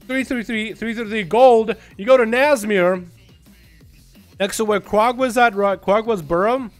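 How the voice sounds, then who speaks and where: A man streaming a game, chatting casually to his viewers, profane and excitable with sudden loud outbursts. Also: high-pitched, moderate pace, soft background music. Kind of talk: casual livestream commentary.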